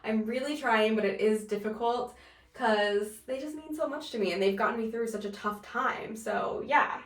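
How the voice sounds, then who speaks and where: A woman's voice: on the high side, moderate pace, fairly bright tone. A woman chatting to camera about her houseplants, talking casually with lots of fillers and sounding a bit winded. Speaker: plant and knitting vlogger. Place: home room. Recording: roomy echo, mic at a distance.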